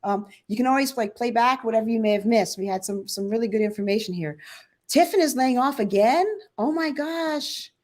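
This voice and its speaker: A woman's voice: fairly high pitch, a little fast. A woman with a Brooklyn accent, co-hosting a live camping stream, chatting casually and reading out viewer comments. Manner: chatty, animated, laughs at herself. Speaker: co-host of a camping livestream.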